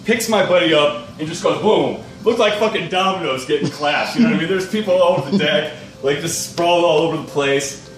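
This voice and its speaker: A man's voice: on the high side, fairly quick. A young man telling a rambling, profane personal anecdote, laughing through it as he goes. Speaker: storyteller. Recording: echoey room, distant mic, faint noise.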